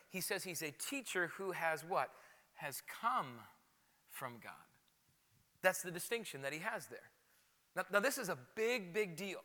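A man preaching a sermon as pastor, animated and conversational, often repeating words for emphasis. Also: high voice, in a large hall.

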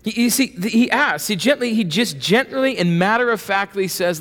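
A man preaching a sermon with playful asides, acting out voices and lively emphasis. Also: high-pitched, moderate pace. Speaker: pastor. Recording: long reverb of a large hall.

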